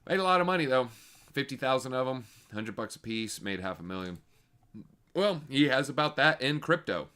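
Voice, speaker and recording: Animated, bright-voiced man hosting a crypto stream. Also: normal speed. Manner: animated, swings from low mutters to loud excited shouts; slangy, reads viewer chat aloud. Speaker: crypto show host. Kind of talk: casual livestream commentary.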